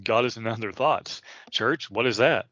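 A man's voice: medium pitch, normal speed, bright, forceful tone, no echo, muffled recording. Earnest man in his thirties teaching scripture. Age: 30s. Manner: casual and earnest, many fillers and restarts. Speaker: preacher. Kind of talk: conversational Bible teaching.

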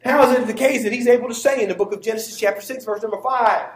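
A man's voice: very high-pitched, steady tone, quick pace, reverberant, low-quality recording. A man preaching a sermon to a congregation that answers back, stressing his words with emphatic inflection.

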